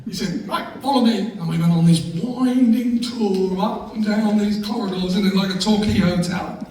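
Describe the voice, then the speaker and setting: Delivering comic tales about his wife to a live audience, the man speaks at normal speed in a high, mellow voice and laughs throughout. The recording is faintly noisy, captured from a distance in an echoey room.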